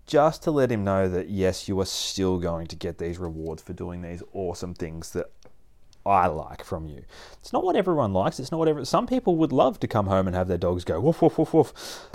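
Animated low-voiced man teaching dog training. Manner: animated, acts out dogs and people in playful voices, laughs often. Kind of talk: casual instructional talk.

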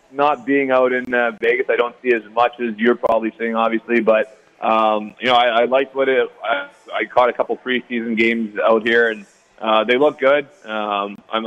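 Easygoing man on a dull remote line. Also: medium pitch. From Canada. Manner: easygoing, rambling with many fillers. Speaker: guest athlete. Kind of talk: casual interview chat.

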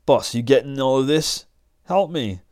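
A man performs a tough male henchman who barks orders aggressively, pitching his natural voice above his own usual register. The result is mid-range, a little mellow, with lively intonation at a moderate pace, captured dry at studio quality.

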